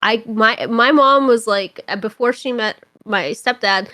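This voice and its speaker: A young woman from Toronto, a podcast guest telling stories in casual chat, animated and rambling, with constant filler words. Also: fairly high pitch, unhurried, dry recording. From Toronto, Canada.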